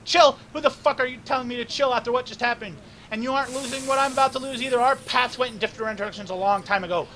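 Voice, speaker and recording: A man voicing an angry, grieving male ex-cop who shouts and swears. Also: high voice, quick pace, hardly any pauses, slight background noise, pitched above the performer's own voice. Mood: furious.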